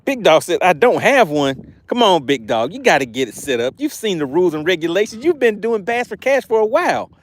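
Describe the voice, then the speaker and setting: Excitable man hosting a fishing stream. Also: high-pitched, a little fast, hardly any pauses. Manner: excitable, exclaiming often; chatty and promotional. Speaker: fishing livestream host. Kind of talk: live stream commentary, reading chat aloud.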